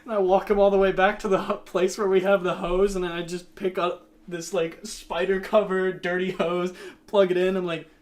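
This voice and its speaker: A man's voice: sits high, moderate pace. A young man chatting casually and telling a story, laughing often and acting out what people said. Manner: animated, laughing often, acts out quotes.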